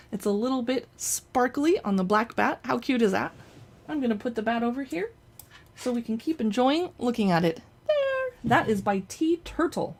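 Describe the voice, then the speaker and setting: A woman hosting a casual show-and-tell, chatting playfully while she handles books and toys. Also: on the high side. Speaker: host showing books and collectibles. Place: indoors at home in front of a backdrop.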